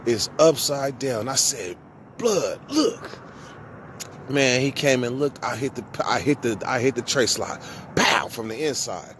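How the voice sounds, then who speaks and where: A man casually telling a long story from his own past, with profane, slangy speech and animated quoted dialogue. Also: mid-range voice, normal speed, few pauses, slight background noise. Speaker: vlogger.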